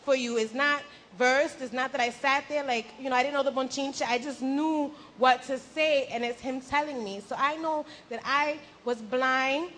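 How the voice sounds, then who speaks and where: A young woman giving an animated personal faith testimony at a church gathering, acting out her own past words and laughing at herself. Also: sits high, moderate pace, few pauses, a little hiss or hum.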